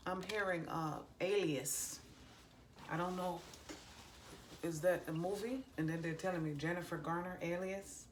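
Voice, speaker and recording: A woman doing a psychic card reading for viewers, pausing often with ums and restarts as she relays messages she hears. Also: lowish voice, steady tone. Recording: faint background noise.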